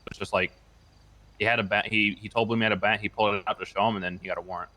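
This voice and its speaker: Blunt man in role-play as a cop, low-pitched with a bright, tense edge. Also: fairly even intonation. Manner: blunt, talks in quick run-on sentences. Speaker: police officer in role-play. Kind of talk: in-character role-play chat.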